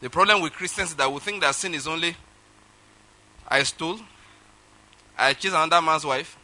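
A man with a Nigerian English accent preaching a sermon, telling a personal story with sudden swings between loud and soft delivery. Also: on the high side. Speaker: pastor.

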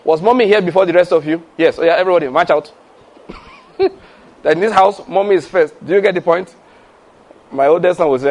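Emphatic preacher man, higher-pitched. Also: expressive, fast. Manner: emphatic, with rhetorical questions and call-and-response; breaks into laughter while preaching. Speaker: pastor. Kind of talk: sermon.

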